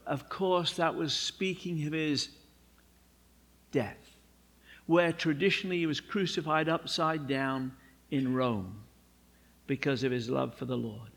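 Slow, higher-voiced man preaching in a hall. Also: creaky, a bit bright. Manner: slow, emphatic preaching with humorous personal asides. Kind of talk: sermon. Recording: long hall reverb.

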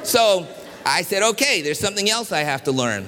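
Middle-aged male preacher from Washington, D.C., bright and slightly high voice, humorous storytelling sermon, reverberant sanctuary. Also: very animated, normal speed, a faint crowd. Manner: storytelling with humor, varied pacing and emphasis. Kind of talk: sermon with personal stories. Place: church sanctuary.

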